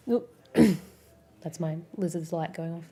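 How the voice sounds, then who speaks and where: A woman in her twenties with a Melbourne Australian accent, chatting casually on a stream and reading out viewer comments in a relaxed, rambling way, swearing freely and filling her talk with "like". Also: deep voice.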